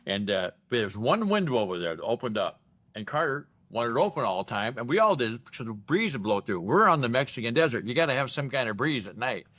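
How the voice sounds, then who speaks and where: A fast-talking man with a mid-range voice co-hosts a podcast, swapping prison stories in casual chat. He's an animated storyteller who acts out the voices of the people involved.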